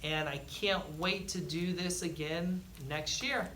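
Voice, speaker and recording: A school staff member reading a picture book aloud to students, expressive, with dramatic pauses and sudden loud surges. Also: medium pitch. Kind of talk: storybook read-aloud. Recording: echoey room, distant mic, faint noise.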